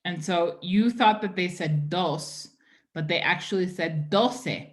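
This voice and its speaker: A woman's voice: lowish voice, slow pace. A woman teaching an online class, explaining step by step with patience and checking in often with her students. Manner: keeps checking in with "right?" and "okay?".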